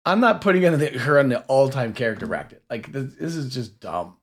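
A man's voice: mid-range voice, animated, fairly quick. A man co-hosting a podcast in casual chat, wry and easily exasperated. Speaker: podcast co-host.

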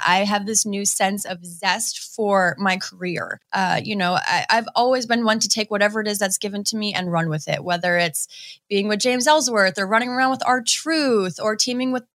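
Bubbly, bright-voiced woman. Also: normal speed. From Boston area, USA. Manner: excitable, acts out quoted voices with high swoops. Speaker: guest wrestler. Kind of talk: casual interview chat.

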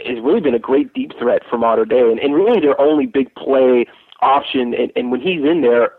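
A man holds forth on football recruiting in a loose, rambling way, circling back through fillers and restarts. His voice sits at an ordinary pitch and comes through a thin, tinny phone line. The sound is dry and close. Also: lively intonation, fairly quick, husky, dry recording. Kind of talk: casual podcast chat.

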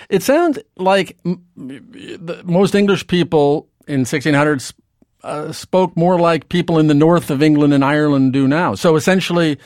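A male interviewer asks curious follow-up questions and responds appreciatively. His voice sits a little high for a man, and it is recorded dry. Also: no room sound.

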